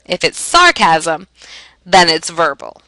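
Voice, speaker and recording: A woman teacher explaining a lesson in a clear, emphatic way, asking and answering her own questions. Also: fairly low pitch, sing-song, slow pace, pushed and bright, no room sound, rough recording. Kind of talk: classroom lesson narration.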